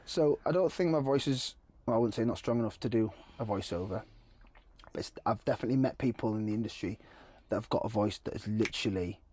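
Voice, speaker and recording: An English man chatting casually as a podcast guest, laughing often and throwing in quick asides. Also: lowish voice, warm tone, husky. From England. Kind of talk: casual chat.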